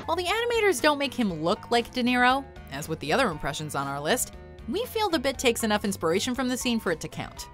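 Lively woman narrating a countdown. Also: a little high, quick pace, soft background music. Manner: upbeat, lively list presenting. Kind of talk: scripted narration.

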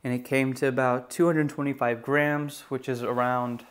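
A young man casually reviewing a fishing rod in a relaxed, rambling way, with lots of fillers and bursts of enthusiasm. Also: medium pitch, normal speed. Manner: enthusiastic about gear. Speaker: gear reviewer.

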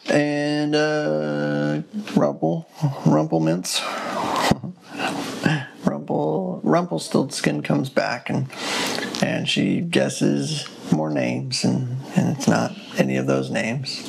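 A slow, gravelly, laid-back co-host of a casual podcast, filling in plot points with offhand jokes. The recording is noisy, with a steady hiss behind the voice. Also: mid-range voice. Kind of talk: casual chat.

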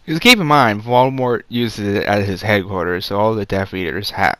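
A man's voice: lowish voice, normal speed, bright, forceful tone, dry recording. A man giving a casual, rambling movie review, sarcastic and full of fillers.

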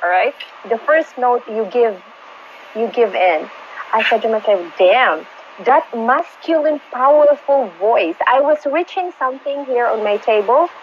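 A woman's voice: on the high side, expressive, moderate pace, a little hiss or hum. A woman judging a singing contest over a video call, gushing and rambling with many fillers. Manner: effusive, rambling, with frequent fillers. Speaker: judge of an online singing contest. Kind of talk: casual judging feedback. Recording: slightly muffled online call audio.

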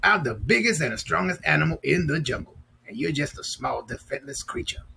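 A man's voice: fairly high pitch, very animated, fairly quick, vocal fry, sharp tone, slight background noise, exaggerated voice. A man voicing a big, boastful male lion king who scoffs at a tiny mouse. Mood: scornful. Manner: boastful, scornful.

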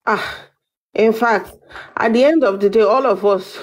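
A woman talking slowly and hesitantly, with a sarcastic edge. She pauses often and fills the gaps. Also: a little high. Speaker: co-host. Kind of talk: casual chat.

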